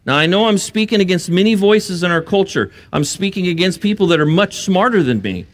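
A man's voice: high voice, expressive, a little fast. A man preaching a sermon, earnest and building to emphatic bursts, with joking asides. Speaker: pastor.

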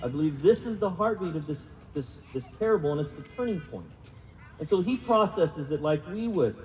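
A pastor with a highish, slightly mellow voice preaches quickly and very animatedly, chatty and self-deprecating. He asks the room questions and has the congregation repeat words. The sound is dull and lo-fi in a reverberant hall.

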